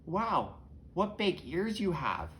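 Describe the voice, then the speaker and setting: Eager storybook little girl, high and breathless, put on by a man. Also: wildly swooping pitch, takes it slowly, fairly bright tone, slight background noise, exaggerated voice. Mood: wondering.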